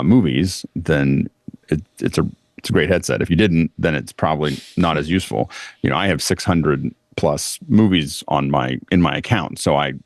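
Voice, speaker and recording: A man co-hosting a tech podcast, chatty and halting, with many fillers. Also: extremely low pitch, dry recording, clean studio sound. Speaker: podcast co-host. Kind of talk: casual tech panel discussion.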